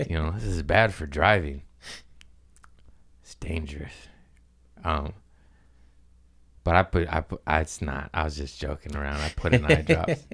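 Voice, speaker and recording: A man's voice: very deep voice, expressive, a little slow, pauses often, fairly bright tone. A man hosting a podcast, telling loose, rambling stories with swearing and laughs in a casual chat. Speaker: podcast host.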